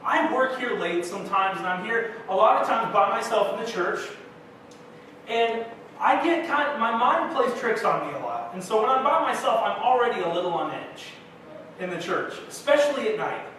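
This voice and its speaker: A man's voice: high voice, animated, normal speed, a bit bright. A young man preaching a sermon as pastor, telling casual, self-deprecating stories to his congregation in a church. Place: church sanctuary. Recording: echoey church hall from far off with faint noise.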